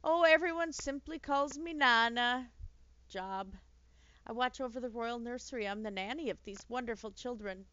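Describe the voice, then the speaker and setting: A woman voicing a sweet elderly working-class nanny who talks gently in old-fashioned speech, with a touch of bitterness. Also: on the high side, moderate pace, clean tone, no room sound, close to an everyday voice. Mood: gentle. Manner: gently chatty, archaic speech, mildly bitter. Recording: dull lo-fi dry recording.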